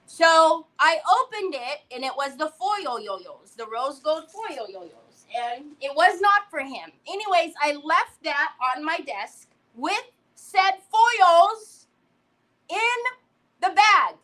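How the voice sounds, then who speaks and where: A middle-aged woman hosting a crafting livestream, telling a story with animated energy and greeting viewers by name. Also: sits high, takes it slowly, rough recording.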